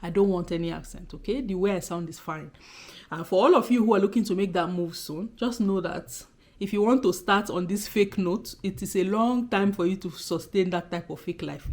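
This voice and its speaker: A woman's voice: on the low side, darkish tone. A young woman from Nigeria with a Nigerian accent, talking straight to camera in a vlog, emphatic and exasperated, firing off repeated rhetorical questions. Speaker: vlogger. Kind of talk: direct-to-camera vlog talk.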